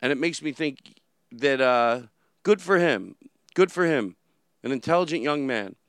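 A man's voice: medium pitch, expressive, a little slow, a bit bright, clean tone, no room sound, clean studio sound. A man hosting a solo show, talking through his thoughts in a rambling, casual monologue full of restarts. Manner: rambling, with many restarts and fillers.

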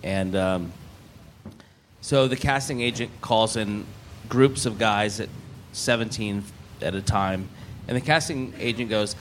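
A man's voice: fairly low pitch, unhurried, a little hiss or hum. A man guest on a live comedy podcast telling a rambling story with many fillers and dry wit.

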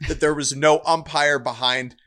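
Wry young man, slightly high voice. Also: fairly even intonation, moderate pace, fairly bright tone. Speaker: podcast host. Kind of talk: casual chat.

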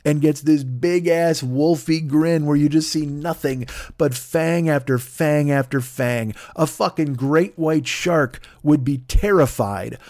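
A man telling a comic story on a podcast, rambling and swearing freely, building into loud mock-epic excitement. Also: on the high side, takes it slowly, few pauses, no echo, studio quality.

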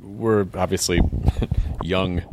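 An American man hosting a casual interview, halting and repeating himself, with a jokey edge. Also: low-pitched, steady tone, background noise. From United States. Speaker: podcast host.

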